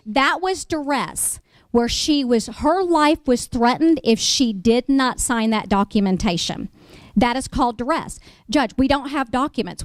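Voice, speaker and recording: A middle-aged woman with a fairly high voice gives a seminar as a real estate attorney. She tells cautionary stories in an emphatic way and keeps checking in with her listeners. The sound is close and dry, with no room echo. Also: clear, resonant tone. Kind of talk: storytelling lecture to an audience.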